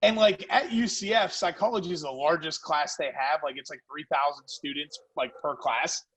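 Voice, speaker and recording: A man who founded a food company, a podcast guest telling animated stories in casual chat. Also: fairly high pitch, normal speed, slightly rough, rough recording. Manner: animated, lively storyteller. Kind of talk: casual storytelling.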